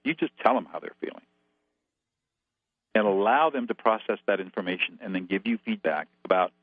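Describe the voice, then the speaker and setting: A man's voice: on the low side, lively intonation, brisk, dry recording. A man as a guest expert, calling in and laying out numbered steps in a methodical, instructive way over a tinny phone line. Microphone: telephone.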